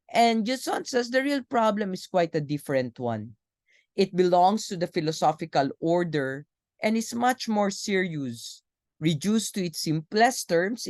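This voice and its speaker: A woman with a Filipino accent delivers a university philosophy lecture at an unhurried pace, in a somewhat low voice. She speaks in a measured way, reading passages aloud with the odd filler. The recording is dry and close, with no room sound. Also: darkish tone, dry recording.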